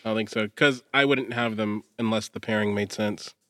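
A man's voice: on the low side, brisk, no echo, clean studio sound. A man co-hosting a podcast, talking animatedly with many restarts. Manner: animated, defensive, stumbling restarts. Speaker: podcast co-host. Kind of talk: casual chat.

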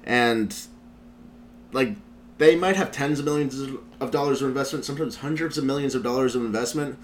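A man's voice: medium pitch, a little fast, slight background noise. A male show host in casual commentary, recapping a video in a rambling way with lots of filler words. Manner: rambling, heavy use of "like" fillers.

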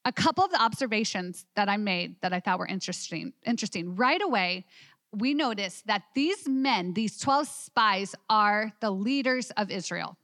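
A woman teaching a women's Bible study class, animated and asking her listeners questions. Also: mid-range voice, normal speed, dry recording, clean studio sound.

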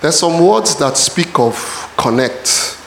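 A man preaching a sermon in a church, often shouting calls to the congregation. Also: on the high side, lively intonation, slow pace, vocal fry, a little hiss or hum. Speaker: pastor. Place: church hall. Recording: echoey church hall.

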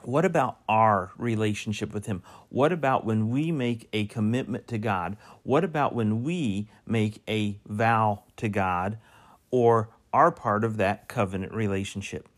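A man with a fairly low voice gives a sermon, first reading scripture in a measured way and then preaching with rising emphasis. He aims pointed questions straight at the congregation.

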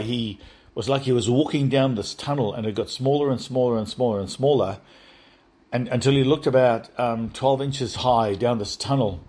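A man telling a personal spiritual testimony in an earnest, halting way, often restarting and repeating words. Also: mid-range voice, darkish tone, breathy edge. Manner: earnest, addresses listeners directly. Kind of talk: rambling first-person testimony.

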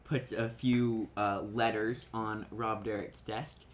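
A man at a mid pitch narrates a tabletop game as game master, slow and halting, full of fillers and quick laughs. A faint hiss of room noise sits under his voice. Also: level tone. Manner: hesitant, many fillers, laughs often.

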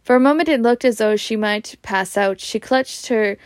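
A woman's voice: fairly high pitch, moderate pace, dry recording. A woman reading a novel aloud, often stumbling over words and restarting. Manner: stumbling, frequent restarts, self-laughing. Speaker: amateur reader.

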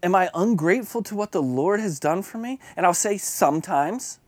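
A man's voice: sits high, animated, moderate pace, no room sound. A man preaching an earnest, confessional devotional sermon that builds to fervent emphasis.

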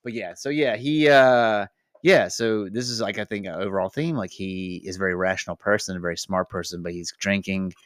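A man hosting a casual movie discussion, who talks in a playful, rambling, animated way. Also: deep voice, a little fast, no room sound, clean studio sound. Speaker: podcast host.

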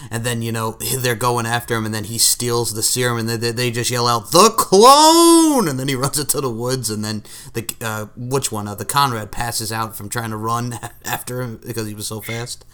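A man's voice: mid-range voice, little pitch movement, moderate pace, hardly any pauses, pushed and bright, clean tone. A man co-hosting a podcast, retelling movie scenes with amused laughs. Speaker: podcast co-host. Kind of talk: casual movie recap chat.

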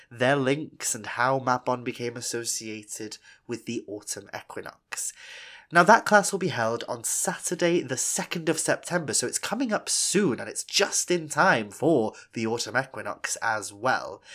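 A man hosts his own podcast and tells an old tale in a measured, unhurried storyteller's way. His pitch rises and falls freely, which makes the telling sound lively and expressive. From Wales. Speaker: podcast host. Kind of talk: scripted narration and podcast intro.

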